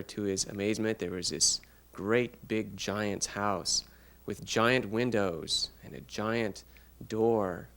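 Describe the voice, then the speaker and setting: A man interpreting a child's signed story aloud, narrating a fairy tale in an unhurried, halting way with pauses. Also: medium pitch, fairly bright tone. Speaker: sign language interpreter voicing a child.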